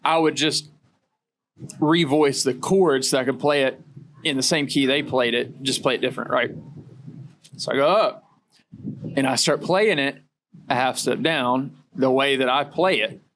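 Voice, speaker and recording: A man's voice: medium pitch, measured pace, long pauses, slight background noise. A man hosting a podcast, telling stories in a casual chat and acting out the voices of people he quotes. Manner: animated storyteller who acts out quoted voices. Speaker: podcast host.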